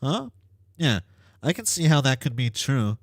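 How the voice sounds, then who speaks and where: An easygoing teenage boy from a webcomic, as a reader puts him on, answering in a lively, agreeable way. The pitch bounces around a lot, and the sound is dry and close to the mic. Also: measured pace, no room sound. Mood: amused. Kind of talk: reading comic dialogue aloud.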